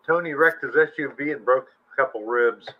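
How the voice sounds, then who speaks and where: A man's voice: medium pitch, brisk. A man chatting casually on a live stream, dry and joking. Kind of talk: casual chat. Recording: muffled lo-fi audio.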